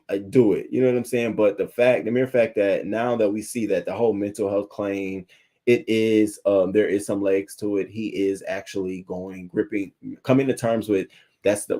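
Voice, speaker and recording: A man hosting a celebrity gossip live stream, chatting in a casual, animated way and greeting viewers in the chat. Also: fairly low pitch. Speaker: celebrity gossip show host.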